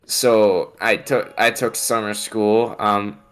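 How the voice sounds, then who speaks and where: A man's voice: lowish voice, fairly even intonation, slow pace, fairly bright tone, smooth. A man co-hosting a podcast in casual chat, rambling and swearing heavily as he pokes fun at himself. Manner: rambling, heavy swearing, self-mocking. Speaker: podcast co-host.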